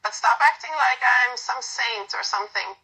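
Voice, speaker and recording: A woman's voice: a little high, normal speed, husky, rough recording. A woman voicing a fond, teasing sweetheart. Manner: gentle, affectionate teasing. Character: fond, teasing young woman comforting a clingy partner. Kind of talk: romantic audio role-play reading.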